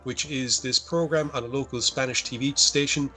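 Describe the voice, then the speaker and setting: A man's voice: mid-range voice, fairly even intonation, moderate pace, bright, forceful tone, faint music behind. A man co-hosting a podcast, rambling and swearing as he recaps a horror film. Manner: rambling, profane, self-correcting. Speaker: podcast co-host. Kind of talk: casual chat, recapping a film.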